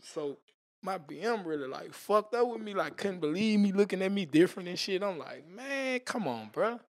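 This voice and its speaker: Fast-shifting, slangy man telling a wild story. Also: sits high. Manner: animated, slangy, profane storytelling with sound effects. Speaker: podcast guest. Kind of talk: casual storytelling interview.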